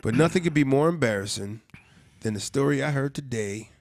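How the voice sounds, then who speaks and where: Fast-talking man telling a story. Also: medium pitch, dry recording, studio quality. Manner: profane, animated storytelling. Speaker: podcast cohost. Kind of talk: casual chat.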